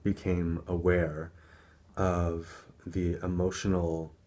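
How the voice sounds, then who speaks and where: A man with a very low voice recounts a personal experience. He searches for words and restarts often, chuckling lightly now and then in a reflective, unhurried telling. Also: flat delivery, darkish tone. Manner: hesitant, many fillers and restarts, chuckles often. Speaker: personal development speaker.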